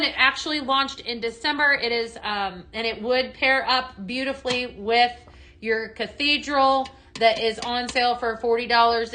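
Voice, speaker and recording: A woman with a bright, forceful tone and a slightly higher voice runs a live product demo. She chats in a bubbly, eager way and keeps speaking straight to her viewers. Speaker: home-decor sales livestream host.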